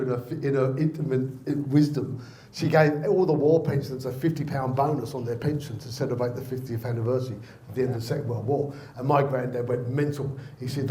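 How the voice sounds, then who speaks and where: A man telling a long bawdy joke about his grandfather, lively and swearing freely. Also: medium pitch. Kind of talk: storytelling joke.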